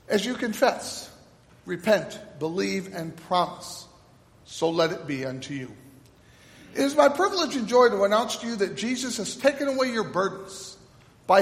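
A man serving as pastor, making announcements and then leading the liturgy in a solemn, measured cadence. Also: extremely high pitch. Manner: solemn liturgical cadence with call and response prompts. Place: church sanctuary. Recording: echoey church hall, mic at a distance.

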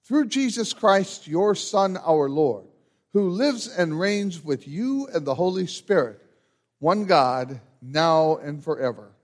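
A man serving as pastor, leading announcements and a liturgical church service with a measured, solemn delivery. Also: a little high, lively intonation.

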